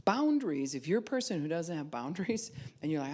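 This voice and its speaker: A woman pastor preaching a sermon, acting out quoted voices and dropping to a soft hush at times. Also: on the low side, very animated, a little fast, slight background noise.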